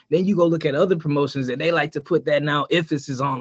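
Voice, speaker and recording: A man's voice: fairly high pitch, fast, few pauses, no room sound, muffled recording. A man co-hosting a casual podcast, easygoing and laughing, filling his talk with "like" and "you know.". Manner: relaxed, lots of "like" and "you know", laughs easily. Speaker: podcast co-host.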